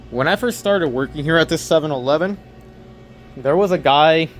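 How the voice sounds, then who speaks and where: A man's voice: fairly high pitch, a little hiss or hum. A young man casually telling a story to camera, rambling, restarting sentences and quoting what others said. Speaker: vlogger and overnight convenience store clerk.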